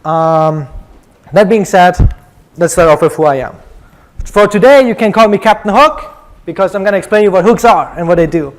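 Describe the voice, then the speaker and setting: A man's voice: high-pitched, moderate pace. A young man from Germany with a German accent, giving a chatty, joking conference talk full of ums. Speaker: conference speaker.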